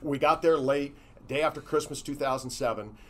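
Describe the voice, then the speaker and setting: Animated storytelling sports broadcaster, man. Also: mid-range voice, normal speed. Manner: animated storyteller who acts out dialogue. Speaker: hockey play-by-play broadcaster, podcast guest. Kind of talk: casual podcast conversation, storytelling.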